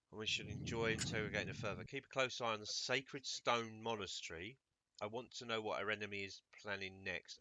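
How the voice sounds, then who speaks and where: A man's voice: fairly low pitch, sharp tone, no room sound. A man playing a tabletop game, chatting casually and reading game notes aloud, with some swearing. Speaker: player.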